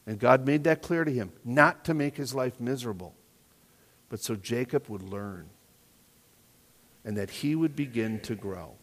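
A man preaching a sermon as pastor, earnest and questioning, often dropping to quiet emphasis. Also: medium pitch, expressive, unhurried, pauses often. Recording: echoey hall reverb.

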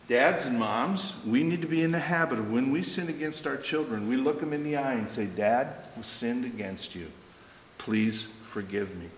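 A middle-aged man preaches a sermon in a casual, talky way, tossing "right?" to his listeners. His voice sits at an ordinary pitch for a man. It rings out with a long reverb, as if heard in a large, echoey hall. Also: a bit bright, a little hiss or hum. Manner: conversational preaching, frequent "right?" asides. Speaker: pastor.

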